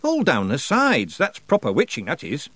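A man's voice: fairly high pitch, huge pitch swings, moderate pace, fairly bright tone, no echo, pitched above the performer's own voice, full character voice. A man doing a gossipy village woman. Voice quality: gossipy, confiding.

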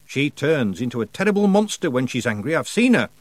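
A gossipy village woman , voiced by a male narrator, who leans in to share secrets with lively, rising inflections. Close, dry storybook reading. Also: medium pitch, brisk, no room sound, voice pushed up, natural voice. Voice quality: gossipy, confiding.

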